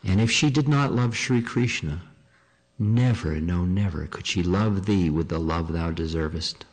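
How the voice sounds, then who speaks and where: Devoted young wife, fervent and archaic in speech, read aloud by a man in a low voice. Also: animated, slow pace, a little mellow, exaggerated voice, rough recording. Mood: solemn. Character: devoted young married woman, rapturous and solemn.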